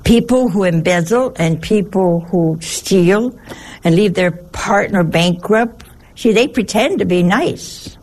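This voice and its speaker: A nun giving a sermon, folksy and humorous, with many rhetorical asides. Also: female voice, medium pitch, takes it slowly, a little mellow, poor audio. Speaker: nun giving a religious talk. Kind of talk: sermon with personal anecdotes.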